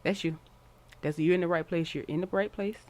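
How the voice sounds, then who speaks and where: A woman casually giving a tarot reading to her viewers, encouraging and repeating herself, with sudden excited jumps in pitch. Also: a little fast. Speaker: tarot card reader.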